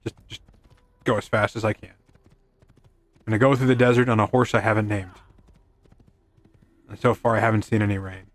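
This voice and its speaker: A man's voice: fairly low pitch, flat delivery, normal speed, long pauses, no room sound. A man streaming a video game, rambling through casual commentary with self-deprecating quips and chatting to his in-game horse. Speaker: gaming streamer.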